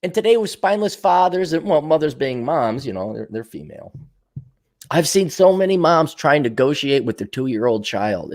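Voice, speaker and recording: A man with a fairly high voice that swings up and down all the time. He talks bluntly, swears often and slips into quick impressions of the people he is quoting. It is an opinionated solo monologue from his own show. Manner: blunt, profane, animated, acts out quoted voices. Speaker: podcast host answering viewer comments.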